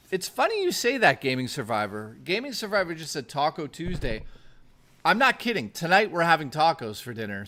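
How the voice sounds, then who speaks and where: A man streaming live, talking straight to his chat in a loose, rambling way. He reads viewer names and messages aloud and jokes around with plenty of cursing. His pitch sits in an ordinary middle range. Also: fairly bright tone. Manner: profane, joking, reading chat aloud. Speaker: streamer host. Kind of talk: casual livestream chat.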